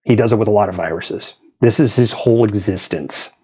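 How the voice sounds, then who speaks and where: A man's voice: lowish voice, a little fast, warm tone, breathy edge. Chatty man hosting a live stream. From US East Coast. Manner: chatty, digressive, laughs often. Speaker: live news stream host. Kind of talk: casual live-stream commentary.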